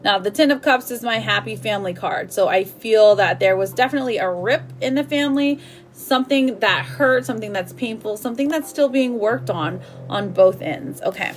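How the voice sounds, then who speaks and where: Over soft background music, a tarot reader talks at a moderate pace in a slightly high voice. Warm and talkative on her live stream, she calls people sweetheart and babe, laughing and using "like" frequently.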